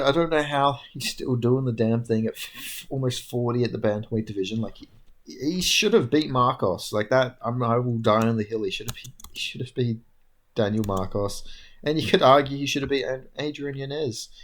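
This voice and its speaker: Tired, rambling young man recapping fights. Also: medium pitch. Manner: rambling, swears casually, frequent fillers. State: tired, yawning. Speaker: MMA commentator recapping fights. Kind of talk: casual solo recap talk.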